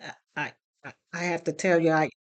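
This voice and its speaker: A woman with a slightly low voice tells a story straight to her phone camera. She talks casually and with feeling, slipping into the voices of the people she quotes, like a parenting teacher sharing an experience. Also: fairly even intonation, fairly quick. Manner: retells dialogue with quoted voices, emotional. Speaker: parenting class instructor. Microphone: phone recording herself.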